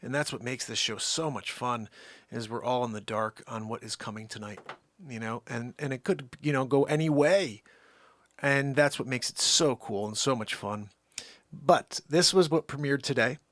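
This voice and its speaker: A man's voice: mid-range voice, moderate pace, a bit bright, dry recording. A man hosting his own comedy show, chatting casually and rambling cheerfully. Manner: rambling, upbeat, laughing. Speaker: host. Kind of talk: casual chat.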